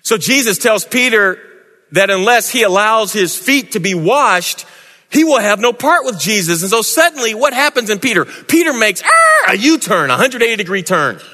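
Lively, dramatic male preacher in an echoey hall. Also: high-pitched, normal speed. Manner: dramatic, with wide swings in tone and emphasis. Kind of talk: sermon.

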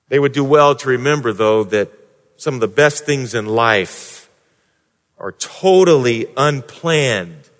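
A man preaching a sermon as a pastor, moving from hushed, prayerful passages to raised, emphatic points. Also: fairly high pitch. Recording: long hall reverb.

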